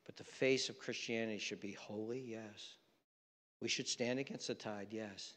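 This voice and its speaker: A male pastor preaching a sermon, swelling into impassioned pleading and dropping into quiet prayer. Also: fairly low pitch, steady tone, moderate pace, big-room sound.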